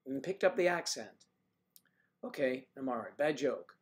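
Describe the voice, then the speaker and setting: A man's voice: medium pitch, lively intonation, moderate pace. A man from the Washington DC area with no marked accent, casually chatting on a livestream, reading viewers' comments and cracking jokes. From Washington DC area, USA. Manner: joking, chatty, teasing the audience. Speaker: livestream host reading chat.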